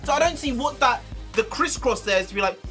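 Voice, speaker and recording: A man, ranting heatedly in a review vlog, swearing, his pitch swinging up and down. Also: animated, fast, bright, forceful tone, faint music behind. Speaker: video reviewer.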